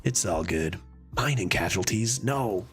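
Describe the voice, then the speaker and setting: A man streaming a card game, thinking aloud in casual commentary and getting excited over close plays. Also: unhurried, soft background music. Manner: excitable, thinks aloud, sometimes drops to a low put-on voice.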